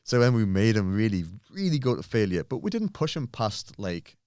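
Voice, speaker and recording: A man in his thirties telling a lively gym story in casual chat, swearing freely and acting out what people said. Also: on the low side, normal speed, smooth, dry recording, studio quality. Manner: animated, swears often, acts out quotes. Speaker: podcast guest, bodybuilder.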